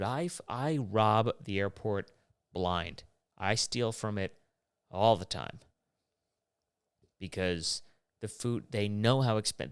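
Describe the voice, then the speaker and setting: A young man hosting his own show, rambling through a profane, animated rant. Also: lowish voice, clean tone, dry recording, studio quality. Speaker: podcast host. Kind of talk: rambling solo monologue.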